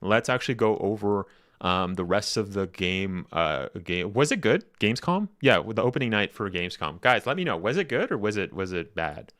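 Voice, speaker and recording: A man hosting a casual livestream, rambling and chatty, laughing often and jumping up in pitch when excited. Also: moderate pace. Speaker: livestream host reacting to game footage.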